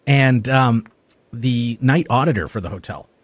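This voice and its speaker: A man hosting a radio talk show, telling a story in a lively casual way and acting out the people he quotes. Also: medium pitch, a little slow, no room sound. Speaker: radio host. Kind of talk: casual radio interview chat.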